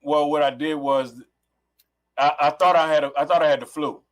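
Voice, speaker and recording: A middle-aged man from Los Angeles tells a long story as a guest on a call, speaking through a headset. His voice sits somewhat high for a man, and he rambles, restarts his sentences and drops profanity freely. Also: fairly even intonation, moderate pace. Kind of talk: casual storytelling on a remote call.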